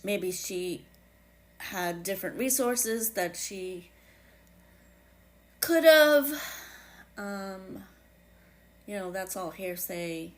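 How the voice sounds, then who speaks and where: A woman with a New England accent hosting her own podcast, reflecting in a casual, halting way with many fillers and restarts. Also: lowish voice, fairly even intonation. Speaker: podcast host.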